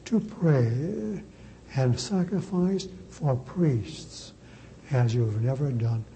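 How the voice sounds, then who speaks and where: Slow, dark-voiced preaching priest. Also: male voice, mid-range voice, a little hiss or hum, poor audio. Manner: slow, emphatic preaching with deliberate repetition. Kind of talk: sermon.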